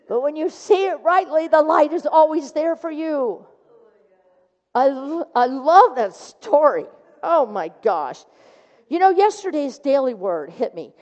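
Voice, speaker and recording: A woman's voice: high voice, darkish tone. A woman minister giving a sermon, telling a story and acting out the voices of its people. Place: church sanctuary. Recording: dull sound with long hall reverb.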